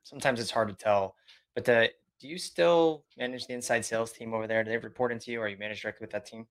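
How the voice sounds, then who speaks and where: A man demonstrating a cold call in a calm, humble, inviting manner. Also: mid-range voice, quick pace. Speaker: sales rep. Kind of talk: role-play sales call.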